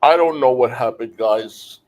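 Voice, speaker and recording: A man's voice: medium pitch, measured pace, a little mellow. A man hosting a livestream in casual chat, rambling and emotional, swearing freely. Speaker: livestream host.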